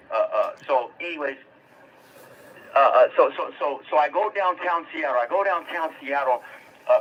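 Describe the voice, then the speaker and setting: A man's voice: medium pitch, fairly bright tone, highs cut off, a little hiss or hum. A man hosting a livestream, telling his own story in casual, profane street slang, stammering and repeating words.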